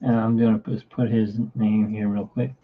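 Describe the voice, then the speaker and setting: This man's voice is fairly low, steady in pitch, and delivered at normal speed. Chatting casually on a live art stream, he wanders between topics, and the live-stream sound is tinny and phone-like.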